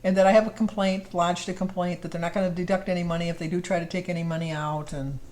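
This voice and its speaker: A woman's voice: lowish voice, fairly even intonation, quick pace, darkish tone. An older woman vlogger telling a rambling, exasperated story in a casual chat to camera. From United States. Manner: chatty, exasperated, rambling with restarts.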